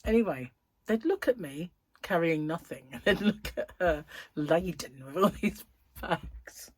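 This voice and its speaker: A middle-aged woman chats away in a husky, low voice, drifting from one anecdote to the next. Her pitch swoops up and down a lot as she tells the story, and she laughs often. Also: lively intonation, unhurried, no room sound. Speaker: host. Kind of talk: casual chat.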